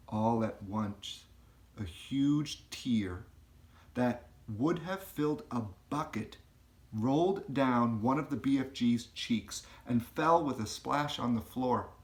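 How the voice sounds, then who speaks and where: Male storybook reader, unhurried, expressive, lively pitch, slow pace. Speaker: audiobook reader. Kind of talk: storybook narration.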